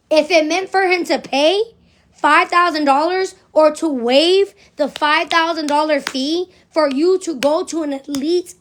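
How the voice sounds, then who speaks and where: A middle-aged woman with a high-pitched voice rants through a livestream monologue. She is blunt and swears freely, hammering her points by saying them twice. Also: fairly bright tone. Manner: blunt, profane, repeats phrases for emphasis.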